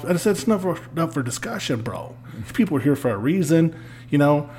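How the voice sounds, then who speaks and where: A man's voice: fairly high pitch, brisk. Man telling a story, acting out lines. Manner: animated, acts out quoted lines with swearing and laughs. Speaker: podcast guest. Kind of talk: casual storytelling.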